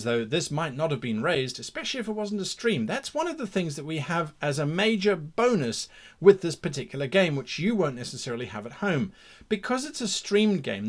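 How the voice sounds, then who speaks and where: A middle-aged man talks straight to camera, giving tips on running tabletop games. His pitch sits a little high and swings widely as he stresses points, and he is frank and self-critical about what went wrong. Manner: reflective, self-critical, lively emphasis. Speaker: game master tips host. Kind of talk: talking-head advice monologue.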